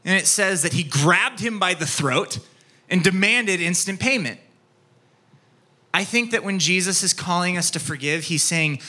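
A male pastor delivers a sermon in a bright, sharply ringing voice that sits high for a man. His pitch swings widely as he acts out a story, then settles low and soft when he makes his point. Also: measured pace. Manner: animated storytelling, acts out scenes, drops soft for key points.

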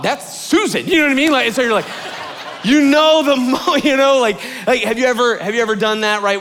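A young adult man, a lead pastor, preaching a sermon as an animated storyteller who acts out quotes in a high voice. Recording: long hall reverb.

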